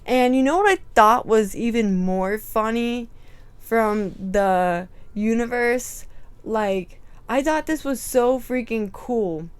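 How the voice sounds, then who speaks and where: Chatty woman vlogger, clear and dry. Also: on the high side, takes it slowly, dry recording. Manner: chatty, animated, with nervous laughs and emphatic asides. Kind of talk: casual house tour storytelling. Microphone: clip-on microphone.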